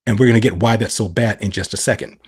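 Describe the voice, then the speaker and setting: A man's voice: lowish voice, fairly even intonation, fast talker, slight background noise. A middle-aged man on a podcast explaining scripture, asking and answering his own questions. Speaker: podcast guest.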